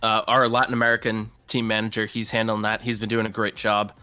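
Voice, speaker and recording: A man casting an esports match, giving measured, detailed breakdowns of the plays. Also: lowish voice, completely flat delivery, pushed and bright, smooth, dry recording, soft background music. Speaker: esports caster. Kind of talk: game analysis commentary.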